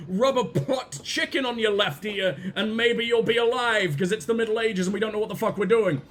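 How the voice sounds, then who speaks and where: A man giving sarcastic, profane let's play commentary as a gaming streamer, jumping into high yelps. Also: a little fast, hardly any pauses, a bit bright, slight background noise.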